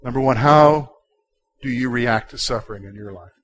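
A pastor preaching a sermon, swinging from quiet, intimate passages to loud, emphatic ones. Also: male voice, mid-range voice, moderate pace, poor audio.

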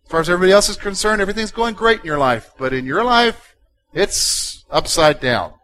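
Pastor, male, high-pitched voice, dynamic sermon delivery that moves between hushed and loud. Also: expressive, brisk, low-quality recording. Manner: dynamic preaching, swinging from soft to loud and emphatic.

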